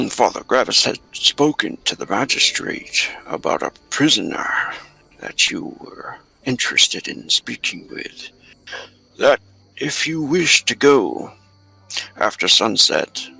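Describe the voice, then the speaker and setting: A man's voice: lowish voice, very animated, takes it slowly, vocal fry, bright, forceful tone, breathy edge, faint music behind, heavily acted, poor audio. A man voicing a courteous, heavily armored male holy warrior who speaks formally and respectfully.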